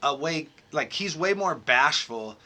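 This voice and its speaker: A man co-hosting a podcast in casual, profane, slangy chat, excitedly acting out scenes with sound effects. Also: a little high, unhurried. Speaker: podcast co-host.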